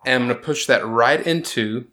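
A man hosting a casual sports podcast, talking in an animated, rambling way that keeps interrupting itself. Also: medium pitch, normal speed. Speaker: podcast host.

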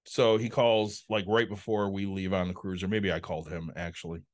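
A man's voice: sits low, little pitch movement, brisk. A man co-hosting a podcast in casual chat, telling blunt stories and swearing freely. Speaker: podcast co-host.

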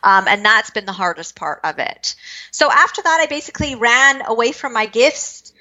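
Bright-voiced woman telling her story. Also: a little high. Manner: lively, quick-moving storyteller who acts out her own past thoughts. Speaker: guest, spiritual medium. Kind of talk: personal storytelling interview. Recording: dull lo-fi recording.

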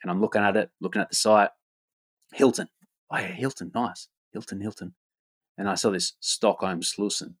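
A man talking about his upcoming event in an energetic, casual monologue, often repeating himself, swearing and tagging "right?" on his lines. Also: on the low side, moderate pace. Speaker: event host and rapper.

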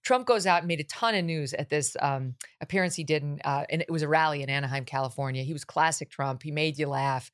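A woman's voice: deep voice, fast talker, hardly any pauses. A woman hosting a political talk show, talking with sarcasm and mocking asides. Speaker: host.

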